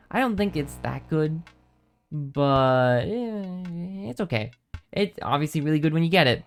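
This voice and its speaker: Rambling male game streamer. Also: mid-range voice. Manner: rambling, thinks aloud; hesitant, many ums and restarts. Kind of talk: casual gameplay commentary.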